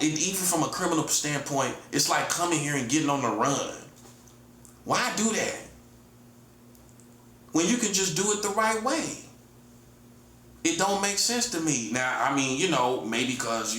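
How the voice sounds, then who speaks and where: This self-proclaimed prophet streamer, a man in his 40s, has a somewhat bright mid-range voice and talks alone to his listener, whom he keeps calling "buddy." His manner is repetitive and mocking, defiant with chuckles between points, recorded in a roomy space with faint room noise.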